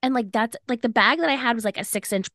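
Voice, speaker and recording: A woman's voice: fairly high pitch, fast, a bit bright, dry recording, clean studio sound. A young woman co-hosting a podcast, telling a dating story in a chatty way with many "like" fillers. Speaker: podcast co-host. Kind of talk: casual storytelling chat.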